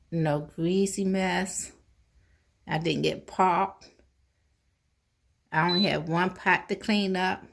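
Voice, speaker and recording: Gravelly-voiced woman cooking vlogger. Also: lowish voice, a little hiss or hum. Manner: chatty, talks to viewers as y'all, eats on mic. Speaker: cooking channel host. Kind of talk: casual cooking vlog.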